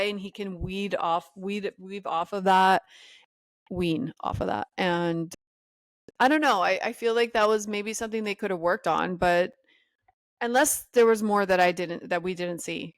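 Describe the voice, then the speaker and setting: A woman hosts her own podcast solo, tossing out opinionated and sassy commentary. Her voice sits at a middle pitch for a woman. The sound is dry and close, with no room echo. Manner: opinionated, sassy, ranting with laughs. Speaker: podcast host.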